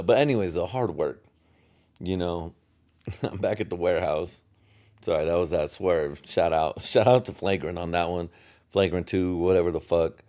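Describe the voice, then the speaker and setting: Speaking in a deep, somewhat dark voice, this young American podcast host goes it alone on the mic. His talk wanders between subjects, loaded with profanity and punctuated by laughs at his own humor.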